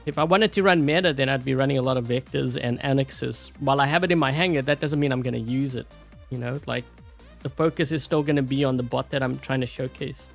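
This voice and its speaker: A man's voice: mid-range voice, fast talker, creaky, soft background music. A man with a South African accent giving rambling, casual gameplay commentary, full of fillers and laughing often. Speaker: gameplay YouTuber.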